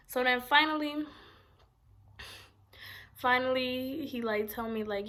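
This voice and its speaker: A woman's voice: a little high, steady tone, normal speed, a bit bright, slight background noise. A woman, telling a long personal story in a blunt, rambling, profane storytime vlog. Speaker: vlogger.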